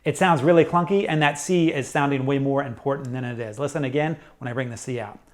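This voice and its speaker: A middle-aged man teaching a saxophone lesson, explaining jazz articulation step by step in a clear, methodical way. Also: mid-range voice, quick pace, faint music behind. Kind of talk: instructional music lesson.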